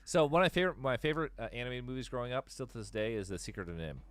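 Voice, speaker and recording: Rapid-fire and fairly bright, a mid-range male voice on a dry recording belongs to a forties stream host chatting with callers. The casual talk is rambling, full of sentence restarts and freely flowing swearing.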